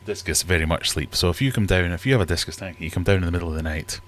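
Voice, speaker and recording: A man's voice: sits low, racing, fairly bright tone. A middle-aged Scottish man hosting a live stream from his home fish room, chatting in a rambling, self-deprecating way. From Scotland. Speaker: livestream host. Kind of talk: casual live-stream chat.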